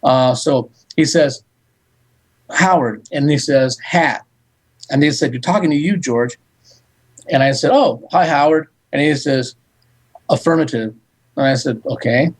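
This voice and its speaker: A man talking as a psychic medium guest, recounting events in animated storytelling and quoting back-and-forth dialogue. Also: mid-range voice, moderate pace, rough recording. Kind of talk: storytelling in a radio interview.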